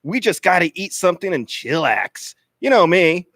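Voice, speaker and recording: A man's voice: high-pitched, sing-song, moderate pace, fairly bright tone, no echo, clean studio sound, exaggerated voice. Man playing clingy needy teenage boy Steve. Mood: soothing. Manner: whiny, overeager, sing-song. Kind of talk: comedic radio skit acting.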